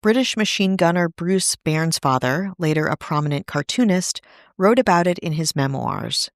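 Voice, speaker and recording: A woman's voice: low voice, lively intonation, normal speed, no room sound, clean studio sound. A woman hosting a podcast, narrating a history story from a script, with casual asides now and then. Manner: conversational asides in a storytelling read. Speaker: podcast host.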